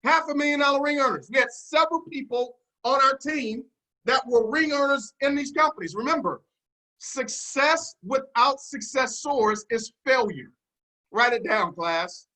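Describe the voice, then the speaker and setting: A man's voice: extremely high pitch, expressive, moderate pace, pushed and bright, poor audio. A man leading a motivational business seminar, confident and preachy, with call-and-response and repeated key phrases. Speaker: network marketing team leader.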